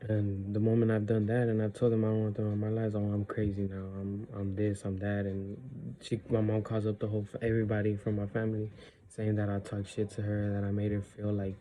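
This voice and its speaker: A man's voice: lowish voice, warm tone, slight background noise. A young man venting on a personal vlog in a rambling, frustrated way, retelling family arguments in quoted lines. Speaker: vlogger.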